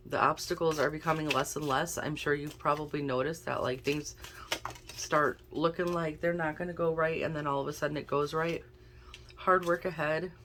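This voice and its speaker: A woman's voice: deep voice, a bit bright, slight background noise. A woman giving a casual tarot and oracle card reading, chatting and thinking aloud as she draws cards. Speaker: intuitive card reader.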